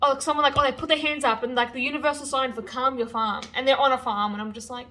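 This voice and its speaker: A young woman chatting casually to camera as a book vlogger, animated and full of fillers. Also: high voice, fast talker, few pauses. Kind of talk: casual vlog chat.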